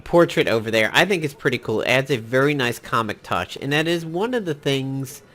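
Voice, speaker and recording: A man's voice: medium pitch, lively intonation, a little fast, fairly bright tone. A man from New York giving casual, rambling commentary while playing a mobile game, with many fillers and asides.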